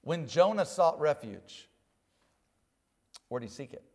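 A man's voice: fairly high pitch, very animated, unhurried, darkish tone. A male pastor preaching a sermon, quoting scripture and asking the congregation for amens. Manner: preachy call-and-response with frequent "amen"; quotes scripture in old King James wording.

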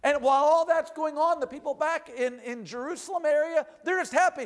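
A man preaching a sermon in an animated way, often calling out "amen?" and "hallelujah.". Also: very high-pitched, brisk.

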